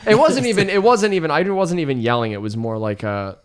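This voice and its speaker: A man's voice: medium pitch, fairly quick, clear, resonant tone. A man in his thirties, a comedian guest, telling a story in casual chat, rambling and self-deprecating, filling his talk with "like". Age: 30s.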